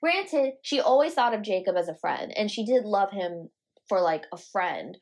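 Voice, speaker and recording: A young woman co-hosting a podcast, chatting casually with quick reactions. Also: mid-range voice, animated, a little mellow. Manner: quick reactions, laughs while talking. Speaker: podcast co-host. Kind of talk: casual chat.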